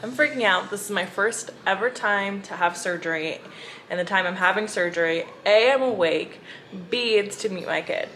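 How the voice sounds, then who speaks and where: A young woman in a casual vlog, talking straight to her viewers in a gushing, storytelling way. Her pitch sits in an ordinary middle range. A faint hiss runs under her voice. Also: normal speed, a bit bright. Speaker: book vlogger. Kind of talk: casual chatty reading vlog.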